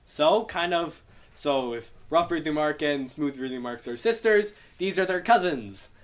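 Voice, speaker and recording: Young guy teaching greek in a relaxed chatty way, voice sits a bit high, keeps asking the class for questions. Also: unhurried. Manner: relaxed, explanatory, takes student questions. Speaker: Bible study Greek teacher.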